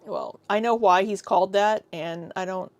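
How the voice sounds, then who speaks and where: A woman's voice: mid-range voice, fairly even intonation, moderate pace, no echo. Sarcastic, chatty woman commentator. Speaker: reaction streamer. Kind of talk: casual commentary over clips.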